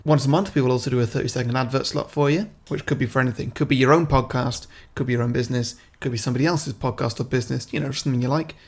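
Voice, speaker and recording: A man's voice: medium pitch, fairly even intonation, very fast, hardly any pauses. A man co-hosting a film podcast, chatting casually and reading the show's plugs in a dry, matter-of-fact way. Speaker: podcast co-host. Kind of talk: casual film-review chat.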